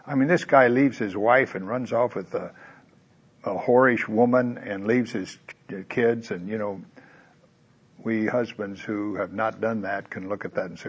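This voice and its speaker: A man's voice: medium pitch, normal speed, slightly rough. A man preaching a conversational sermon, acting out the characters' lines as he goes. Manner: conversational, animated, acts out quoted voices.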